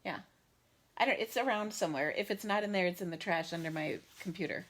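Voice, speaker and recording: A bubbly woman in her forties chats live from her home into her phone camera. Her voice is bright and forward, and she talks in a loose, friendly way, laughing often between her thoughts. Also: on the low side, quick pace. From United States. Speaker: crafting live-stream host. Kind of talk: casual live-stream chat. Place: at home indoors. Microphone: phone camera in selfie mode.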